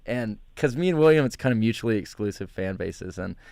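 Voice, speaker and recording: A male comedian telling stories in a casual chat, animated and self-deprecating. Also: fairly low pitch, fairly quick, gravelly, smooth, no room sound. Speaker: guest comedian.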